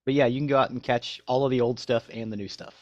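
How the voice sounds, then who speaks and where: A man's voice: medium pitch, steady tone, fast talker, no room sound, muffled recording. A man co-hosting a podcast, who reads facts aloud from his notes and then chats loosely. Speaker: podcast co-host. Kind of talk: reading show notes and casual chat.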